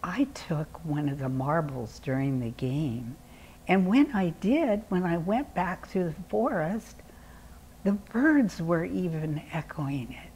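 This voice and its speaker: Little boy in a kids' story, scared and sorry, earnest, a grandma doing his voice, low and slow. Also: expressive, darkish tone, a little hiss or hum, low-quality recording. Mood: tearful. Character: young boy, guilty and scared.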